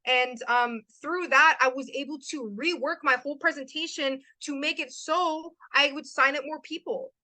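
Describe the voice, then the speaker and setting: A young woman gives an emphatic motivational talk to her live chat. Her voice is high and bright. The sound is dry and close. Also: fairly even intonation, normal speed, few pauses, dry recording, rough recording. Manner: emphatic, repeats lines for stress. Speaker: host.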